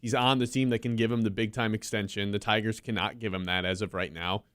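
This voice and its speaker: A man hosting a sports radio show, talking in a measured, analytical way with some teasing. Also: lowish voice, steady tone, a bit bright, smooth, no echo.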